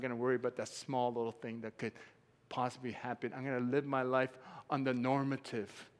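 A man preaching a sermon as pastor, telling stories with lively acted-out quotes and frequent laughter. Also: medium pitch, brisk. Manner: animated storytelling, acts out quotes, laughs often. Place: church sanctuary. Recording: long hall reverb.

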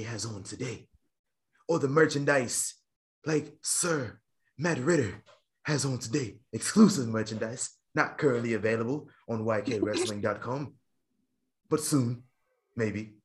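A man hosting a wrestling podcast, switching between casual chat and mock-grand announcer flourishes. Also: medium pitch. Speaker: podcast host.

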